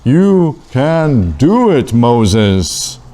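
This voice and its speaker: A man voicing a solemn divine voice speaking from a burning bush, slow and deliberate. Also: mid-range voice, big pitch swings, mellow.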